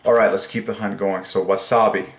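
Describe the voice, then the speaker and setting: A man hosting his own channel, musing aloud in casual solo commentary, enthusiastic and repeating words to himself, sometimes in a sing-song higher voice. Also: steady tone, fairly quick. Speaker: channel host. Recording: echoey room.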